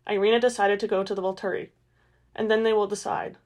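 A woman's voice: medium pitch, little pitch movement, fast, darkish tone, close to an everyday voice. A woman reading as a hollow-voiced vampire seer. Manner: hollow, distant.

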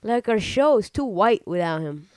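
A man's voice: sits high, moderate pace, clear, resonant tone, no room sound. A man from Argentina co-hosting a casual podcast, joking and filling his talk with "like" and "you know.". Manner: animated, joking, many fillers. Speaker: podcast co-host.

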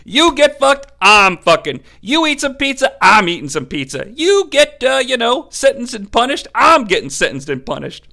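Give me a man doing a brash, slangy bro disciple with a bright, raspy edge. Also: extremely high pitch, very animated, moderate pace, hardly any pauses, full character voice. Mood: boastful. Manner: swaggering slangy pledges. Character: brash bro-ish male disciple, loyal and loud.

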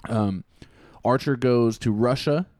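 A man's voice: mid-range voice, slow, darkish tone, no room sound. A young man co-hosting a casual podcast, rambling with many restarts and the odd swear word. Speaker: podcast co-host.

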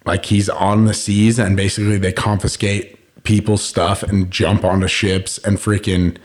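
A man's voice: lowish voice, flat delivery, normal speed. A young man chatting casually on a podcast, rambling through a story with lots of fillers and frequent laughter. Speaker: podcast host.

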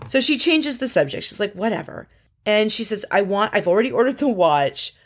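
A woman's voice: medium pitch, big pitch swings, a little fast. A woman casually recapping a show, chatty and sarcastic, mimicking the people she quotes. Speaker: podcast host recapping a reality show.

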